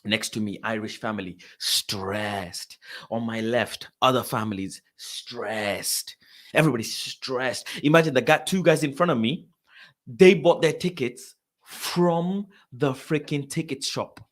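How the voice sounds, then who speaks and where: A young man, a host telling a story in casual, slang-heavy talk that swings between loud exasperation and low grumbling. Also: moderate pace.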